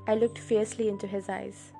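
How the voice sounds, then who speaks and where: Woman hosting a read-along, expressive storytelling voice, mid pitch. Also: fairly quick, creaky, faint music behind. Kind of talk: audiobook reading.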